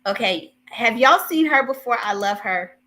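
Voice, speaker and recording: A woman's voice: fairly high pitch, expressive, moderate pace, sharp tone. A woman hosting a live stream, chatting casually and animatedly with her viewers while she waits, often laughing between lines. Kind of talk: casual live commentary to a chat.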